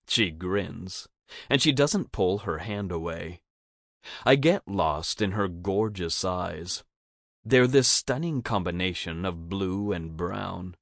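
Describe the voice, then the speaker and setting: Man, audiobook narrator, first person, very deep voice, unhurried, steady, dry close sound. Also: no echo.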